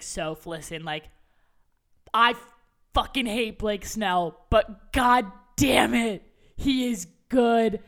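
Animated young woman, bright clear voice. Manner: animated, swears freely, voice jumps high when excited. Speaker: podcast co-host. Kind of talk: casual sports chat.

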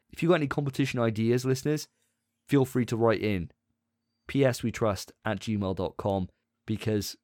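A man hosting a podcast in casual chat, animated and often laughing. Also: fairly low pitch, no room sound, clean studio sound. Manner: animated, laughing, quick asides. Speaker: podcast host.

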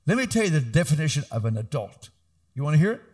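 Middle-aged male pastor, animated sermon delivery, slightly high voice with lively swings. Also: quick pace. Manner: animated preaching, rising to emphatic calls.

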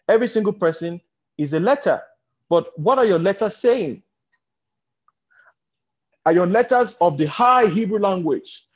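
A man's voice: a little high, a little mellow. A man with a Nigerian accent preaching a teaching sermon on a livestream, asking rhetorical questions and breaking into laughter. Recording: dull lo-fi recording.

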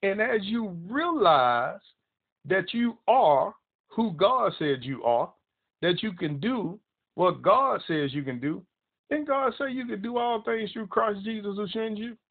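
A man's voice: sits high, lively intonation, measured pace, creaky. A man preaching a broadcast sermon, emphatic and repetitive as he quotes scripture. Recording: tinny phone-line audio.

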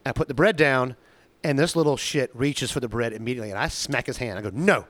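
A man's voice: mid-range voice, fast, fairly bright tone. A chatty man trades restaurant war stories with a friend in a wry, teasing tone. His voice sounds dry and close, with no room echo. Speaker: server. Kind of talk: casual storytelling chat.

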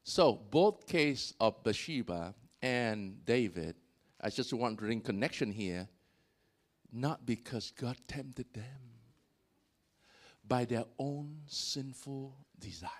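Animated male preacher. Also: slow pace. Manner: animated, voice swells on key points and drops low after. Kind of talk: sermon.

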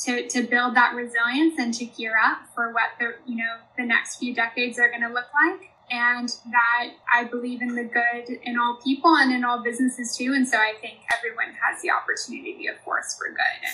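Podcast guest: young American woman, faint Australian tinge, earnest and filler-heavy, bright tone, slightly high. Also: little pitch movement, moderate pace, hardly any pauses, a little hiss or hum, rough recording. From United States. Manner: earnest, many fillers like "you know" and "um". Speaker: business consultant guest. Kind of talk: podcast interview.

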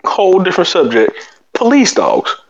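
A man co-hosting a casual podcast, telling animated stories, acting out quotes and laughing often. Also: sits high, moderate pace, dull audio. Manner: animated storyteller, acts out quotes, laughs a lot. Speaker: podcast co-host. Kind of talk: casual chat.

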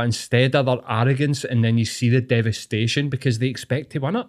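A young man with a Scottish accent talks in a blunt, opinionated way, swearing as he goes. His voice sits at an ordinary middle pitch, and the tone is relaxed, casual chat. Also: fairly quick, hardly any pauses.

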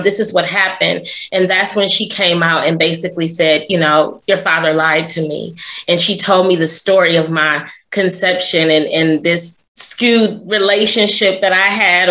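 A woman's voice: on the low side, a bit bright, poor audio. A woman, an interview guest, telling a personal story in an earnest, confessional way, often adding "right?" and "you know".

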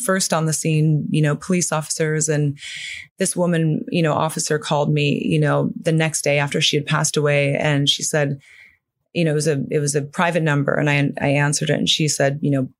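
A middle-aged woman talking as a podcast guest, in a halting way full of "you know" fillers. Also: low voice, level tone. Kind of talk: conversational interview.

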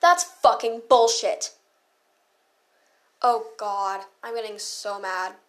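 Slow-talking teenage girl ranting. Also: a little high, steady tone, fairly bright tone. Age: teens. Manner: heated, profane, full of fillers and asides. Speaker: podcast host. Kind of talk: casual ranting monologue.

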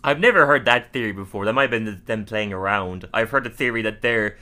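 A man's voice: lowish voice, fairly quick, pushed and bright. Chatty man recapping episodes with a laugh. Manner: chatty, laughs often, acts out quotes. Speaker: podcast host. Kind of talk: casual chat recapping a cartoon episode.

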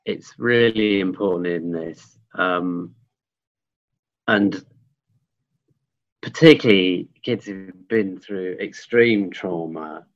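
A man explaining ideas in a thoughtful, reflective conversational way, often pausing with ums and restarting his sentences. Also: sits low. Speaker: guest, forest school trainer. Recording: dull lo-fi audio.

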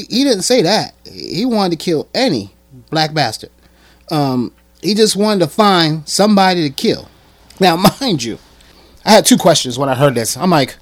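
A man commenting on a clip he plays for his viewers, animated and emphatic, often stammering and repeating words. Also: a little high, normal speed, no room sound, studio quality. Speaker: video commentator. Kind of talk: reaction commentary.

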